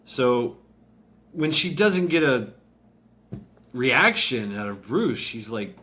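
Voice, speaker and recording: A man's voice: mid-range voice, big pitch swings, slow, bright, forceful tone. A man casually telling a story aloud, rambling, with many fillers and restarts.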